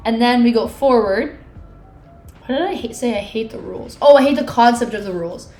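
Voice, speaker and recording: Young woman, bright high voice, chatty and animated book-club co-host with faint music under her. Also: a little fast. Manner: chatty, peppered with "like", dramatic disgust reactions. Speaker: podcast co-host. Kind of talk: casual book club chat.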